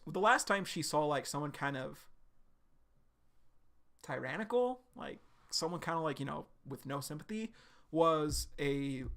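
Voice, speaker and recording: A man streaming a live reaction to a comic, excitable and profane, rambling with lots of fillers. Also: a little high, vocal fry.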